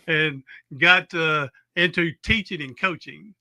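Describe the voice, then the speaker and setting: A man's voice: a little high, slow pace, sharp tone. A man hosting a podcast, with a folksy, exuberant pep-talk manner and rambling asides. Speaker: podcast host. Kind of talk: casual interview chat.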